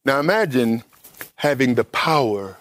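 A man preaching a sermon to his congregation, emphatic and conversational, with everyday vernacular, often jumping up high in pitch to stress a point. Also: expressive, measured pace, fairly bright tone, no echo.

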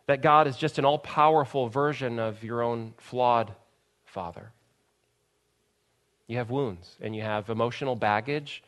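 A man in his thirties, a pastor, preaching a sermon in an earnest way, dropping soft and slow, then rising to loud emphatic bursts. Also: mid-range voice.

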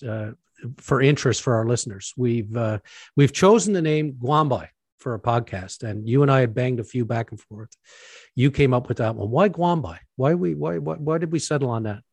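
A man's voice: medium pitch, lively intonation, moderate pace, no echo. Jovial man hosting. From Newfoundland. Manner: jovial, self-mocking, laughs often. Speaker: podcast host; preacher. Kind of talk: casual chat.

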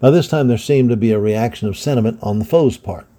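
A man with a gravelly voice reading a historical adventure book aloud in a steady, measured way. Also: mid-range voice. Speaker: storybook reader.

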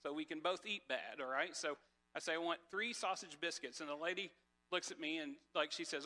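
A man's voice: on the high side, fairly quick, bright, forceful tone. A man preaching a casual sermon, telling a personal story with many fillers and restarts. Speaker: pastor.

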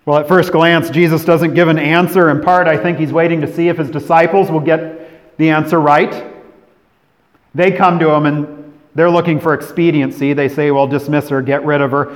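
Pastor guy from california preaching, goes loud then real quiet, big echoey church hall. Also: a little high, steady tone, moderate pace. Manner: dramatic preaching, swinging from emphatic to hushed. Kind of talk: sermon. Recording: long hall reverb.

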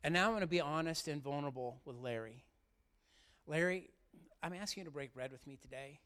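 A man's voice: on the high side, a little fast, fairly bright tone. A middle-aged man, a pastor, giving an earnest, heartfelt sermon and speaking directly to his congregation in church. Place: church sanctuary.

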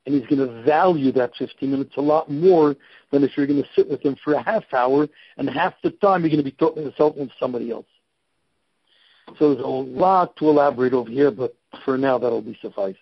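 Emphatic husky man coaching. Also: medium pitch, fairly quick, no room sound, dull audio. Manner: emphatic, instructive, repeats key points. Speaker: guest, time management coach. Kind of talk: podcast interview.

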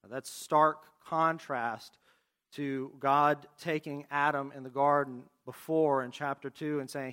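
A man preaching a sermon, reading scripture aloud and asking the congregation questions in an expressive way. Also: mid-range voice. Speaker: pastor.

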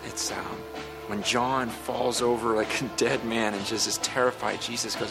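A man's voice: medium pitch, little pitch movement, moderate pace, gravelly. A man preaching a sermon in a conversational way, acting out little dialogues. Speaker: pastor. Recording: music playing under the voice.

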